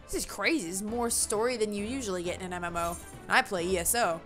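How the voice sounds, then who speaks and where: A woman's voice: medium pitch, animated, fast, creaky. A woman giving casual, chatty commentary while playing a video game, with giggly, self-mocking asides. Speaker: game streamer. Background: soft game music.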